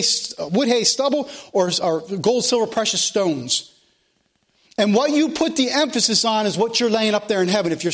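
A middle-aged male pastor preaching a sermon in church, emphatic and repetitive, slowing and rising at his climaxes. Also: high-pitched, fairly bright tone. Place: church sanctuary.

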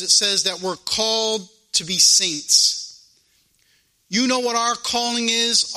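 A man preaches a fervent sermon, driving points home by repeating them. His voice sits high for a man. His tone is piercingly bright and sharp. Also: low-quality recording. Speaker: pastor.

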